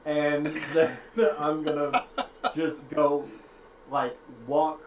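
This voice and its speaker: Man, slow rpg player, far from the mic, roomy echo, swears. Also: a little high, monotone, a little hiss or hum. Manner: crude, swearing. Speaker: tabletop game player. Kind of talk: casual chat. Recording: distant, dull, echoey mic.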